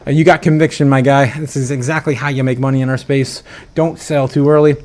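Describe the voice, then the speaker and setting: A man's voice: mid-range voice, fairly even intonation, a little fast, darkish tone. A man hosting a casual livestream, chatting and reading out viewer comments with frequent chuckles and restarts. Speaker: livestream host.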